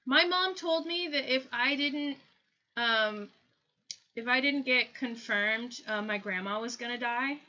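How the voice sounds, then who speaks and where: A woman hosting a casual comedic chat over a video call, telling rambling, animated stories. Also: a little high, measured pace. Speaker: host. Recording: dull lo-fi call audio.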